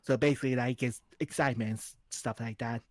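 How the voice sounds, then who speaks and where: A man's voice: mid-range voice, fairly even intonation, quick pace, no echo. A man guesting on a casual podcast, talking bluntly and swearing often about things that annoy him. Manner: blunt, profane and exasperated. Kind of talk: casual chat.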